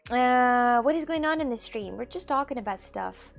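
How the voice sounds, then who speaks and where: A woman livestreamer talks casually with her chat in a fairly high voice that has a gravelly, fry-laden edge. She hesitates often, restarts her sentences and swears casually, with faint music playing behind her. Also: expressive. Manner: halting, many fillers and restarts; answers chat questions aloud.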